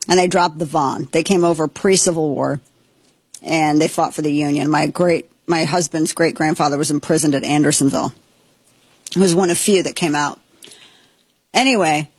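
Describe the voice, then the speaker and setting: A woman in her forties from Missouri hosting a casual talk show, telling stories in an animated, chatty way. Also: lowish voice, breathy edge, dry recording. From Missouri, USA. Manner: animated storytelling with frequent laughs. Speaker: host. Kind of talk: casual chat.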